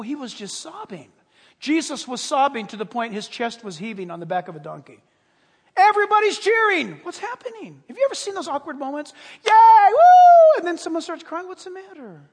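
A man preaching a sermon as pastor, dramatic and animated, swinging between loud bursts and hushed, intimate tones. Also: very high-pitched, fairly quick. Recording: long reverb of a large hall.

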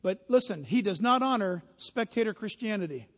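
High-voiced preacher man in a reverberant hall. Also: lively intonation, normal speed. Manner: swings from hushed storytelling to loud fervent preaching. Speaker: pastor. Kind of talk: sermon. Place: church sanctuary.

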